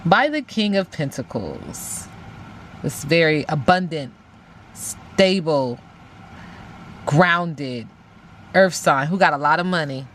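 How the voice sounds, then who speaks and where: A woman's voice: deep voice, sing-song, takes it slowly, long pauses, fairly bright tone, a little hiss or hum. A woman giving a casual spiritual tarot reading, emphatic, talking aloud to spirit and repeating phrases. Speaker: tarot reader.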